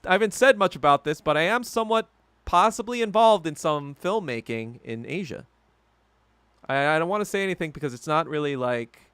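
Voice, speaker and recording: A man hosting a solo podcast, ranting heatedly and with heavy profanity, swinging from low muttering to loud outbursts. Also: clear, resonant tone, dry recording. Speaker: podcast host.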